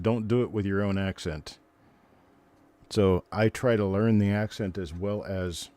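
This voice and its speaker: A man's voice: low voice, a little mellow. An older man hosting a live stream, chatting in a casual, rambling way as he greets and answers viewers.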